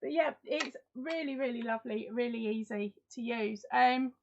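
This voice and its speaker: A woman's voice: on the high side, moderate pace, gravelly, darkish tone, muffled recording, a little hiss or hum. A woman hosting a live crafting stream in casual chat, reading out and answering viewers' comments. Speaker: host.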